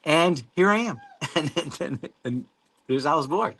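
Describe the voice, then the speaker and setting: A man's voice: fairly high pitch, animated, moderate pace, fairly bright tone. A man hosting a live stream, reading out viewer comments and chatting casually, rambling, swearing and laughing often. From Mexico. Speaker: livestream host.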